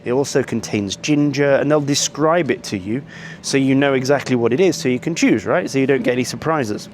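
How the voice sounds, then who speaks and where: Man, casual vlog storytelling, rambling complaints, lots of ums, middle pitch, faint background hiss. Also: fairly quick. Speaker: travel vlogger.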